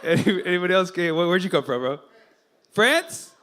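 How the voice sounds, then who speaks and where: A male stand-up comedian doing profane, fast crowd work on a club stage, bursting into shouted mock voices. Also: high voice, very animated.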